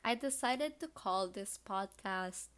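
A woman's voice: medium pitch, animated, slow pace, a bit bright. A young woman in her late teens from the Philippines, hosting a solo podcast late at night at home, chatty and rambling with lots of fillers. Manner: rambling, chatty and self-conscious, with many fillers. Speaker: podcast host. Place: home living room at night.

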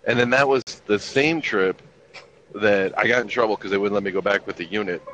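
A man's voice: fairly low pitch, fairly quick, fairly bright tone, slight background noise. A man in his fifties telling army stories in casual chat, with a laid-back, profane, wry delivery. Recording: dull lo-fi recording with faint ambience.

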